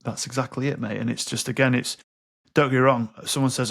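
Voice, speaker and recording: Gravelly, blunt-talking man. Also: mid-range voice, steady tone, fairly quick, fairly bright tone. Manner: blunt and sweary, acts out quoted dialogue. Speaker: podcast guest. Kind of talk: candid interview conversation.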